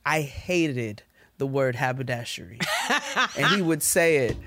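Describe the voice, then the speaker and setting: A woman's voice: a bass voice, animated, measured pace, music in the background. Playful, laughing woman podcast co-host. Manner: playful, laughs often, drawls out fun words. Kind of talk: casual chat.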